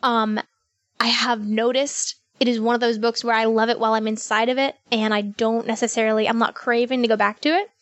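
A woman's voice: a little high, little pitch movement, a little fast, no echo. A woman co-hosting a storytelling podcast in casual chat, chatty and self-aware, laughing often. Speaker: podcast co-host.

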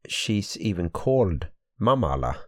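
A very deep-voiced man with a Swedish accent co-hosts a podcast in English, his first language being Swedish. He sounds groggy, as if just woken, and speaks in a slow, halting way, with a voice that swoops widely. The recording is close and dry. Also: big pitch swings, no echo. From Sweden. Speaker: podcast co-host. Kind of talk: casual podcast chat. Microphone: podcast microphone.

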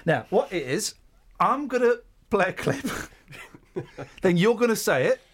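High, lively radio host. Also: male voice, measured pace. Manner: teasing, mimics voices. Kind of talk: playful studio banter.

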